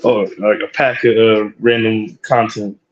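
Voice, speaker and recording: A man co-hosting a casual podcast, speaking in a rambling, relaxed, slangy way. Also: lowish voice, a little slow, muffled recording. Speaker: podcast co-host. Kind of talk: casual chat.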